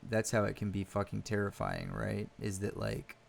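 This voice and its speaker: A man's voice: fairly low pitch, little pitch movement, normal speed, gravelly, slight background noise. A young man giving casual let's play commentary on a horror game, joking, swearing and laughing. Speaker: gaming youtuber.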